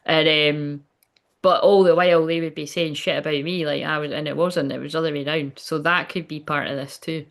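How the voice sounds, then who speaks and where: A woman with a low, creaky voice and fairly even intonation hosts a medium's live stream, speaking a little fast. Rambling and candid, she reads viewer comments aloud, swears freely, and often asks "do you know what I mean."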